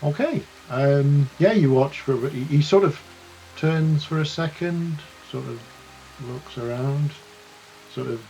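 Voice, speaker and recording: A man's voice: fairly high pitch, a little slow, dark tone, faint music behind. A man narrating a tabletop game in a rambling, hedging way. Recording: dull lo-fi mic with hiss.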